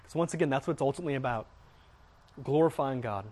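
A man's voice: medium pitch, quick pace, a little mellow. A middle-aged man teaching earnestly on faith, often repeating words as he speaks. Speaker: Christian teacher.

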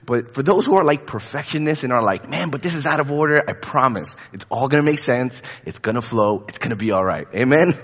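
A man's voice: on the high side, fairly bright tone. A man in his thirties preaching a casual, conversational sermon, talking in a chatty way with frequent fillers and repeated words. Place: church sanctuary. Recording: dull lo-fi with long hall reverb.

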